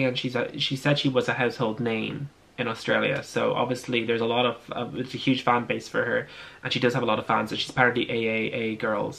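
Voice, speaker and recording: A young man with an Irish accent talks in a relaxed, gossipy vlog ramble. His voice carries a gravelly, creaky edge at a middling pitch, and he keeps stumbling through ums and half-started phrases. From Ireland. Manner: chatty, gossipy, frequent ums and restarts. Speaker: vlogger. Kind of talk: casual chat.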